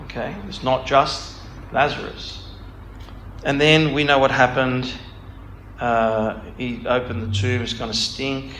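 Reading scripture passages and then unpacking them as he thinks aloud, this Bible study speaker keeps things informal. His medium-pitched, slightly bright voice moves slowly with little variation in pitch. It echoes around a roomy space over faint background noise.

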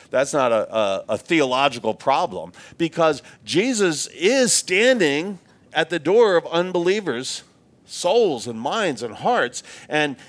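A man preaching a sermon in an earnest, reflective way, often repeating words as he restarts. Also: fairly high pitch.

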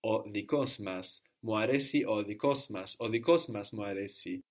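Male tutor, lowish voice, patient and drilling, slow repeats. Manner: patient, prompting questions, repeating answers slowly. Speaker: language teacher. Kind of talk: one-on-one Greek lesson.

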